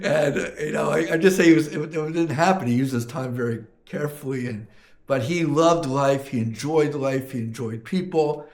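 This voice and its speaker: A man's voice: fairly high pitch, normal speed, a little mellow, reverberant. A man from Canada, a rabbi being interviewed, telling jolly stories with frequent fillers and laughter. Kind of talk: storytelling interview.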